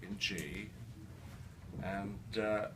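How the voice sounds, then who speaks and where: An older man speaking to a live audience, halting with many restarts, his words slightly slurred by a new denture. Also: on the low side, fairly even intonation. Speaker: guest speaker. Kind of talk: live storytelling talk. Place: event hall with an audience. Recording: distant mic in a noisy room.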